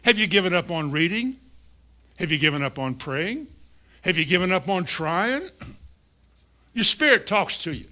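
A man's voice: high-pitched, lively intonation, moderate pace, pushed and bright. A man preaching a sermon, asking his listeners questions and voicing an inner dialogue. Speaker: pastor.

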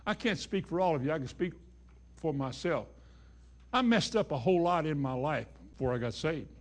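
A male pastor delivering a sermon with a slightly higher-than-usual voice. He talks in a folksy, conversational way, sinking to quiet, intimate lines before building to forceful, emphatic claims. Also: lively intonation, normal speed. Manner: folksy, swings between hushed and emphatic.

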